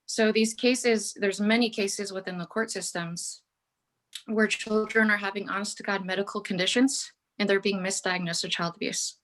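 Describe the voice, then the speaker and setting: A woman's voice: mid-range voice, fairly even intonation, normal speed, a bit bright, low-quality recording. A woman giving earnest public testimony over a remote call, pleading with a court body and using many fillers. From Texas. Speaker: public commenter. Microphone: remote call audio.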